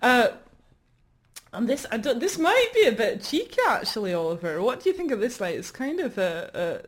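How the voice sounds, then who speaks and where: Brief: woman performer, animated and self-mocking, fairly high voice, laughs a lot. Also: normal speed. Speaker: artist and performer. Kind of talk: comic live performance chat.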